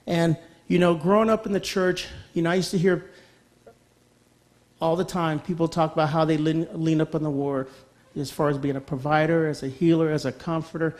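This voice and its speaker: A man's voice: fairly high pitch, fairly even intonation, fairly quick, a little mellow. A middle-aged man giving an earnest personal testimony as a guest speaker, often checking in with his audience by asking okay. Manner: earnest, repeats phrases, asks okay.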